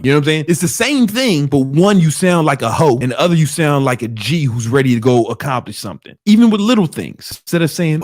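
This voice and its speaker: A man's voice: mid-range voice, fast, few pauses, no room sound, studio quality. A young man giving blunt, profane motivational advice in casual talk, mocking whiny talk. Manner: blunt, profane, animated, mocking quoted whiners.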